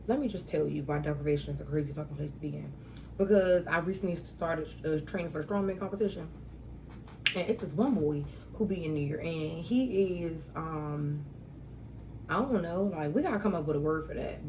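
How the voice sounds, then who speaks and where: Lively young woman hosting a solo talk show. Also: sits low, a little hiss or hum, rough recording. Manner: animated storytelling with loud outbursts and slang.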